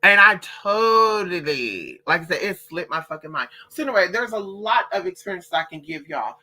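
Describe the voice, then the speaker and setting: A woman's voice: fairly low pitch, a little fast, husky. A woman telling a long, profane story in a casual storytime vlog, talking straight to her viewers and acting out other people's voices. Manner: animated, profane, chatty. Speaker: vlogger.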